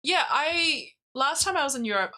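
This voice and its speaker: A woman with a New Zealand accent, chatting on a stream and telling animated stories. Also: sits high, moderate pace. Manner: animated storytelling, laughs easily. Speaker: stream co-host. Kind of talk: casual chat.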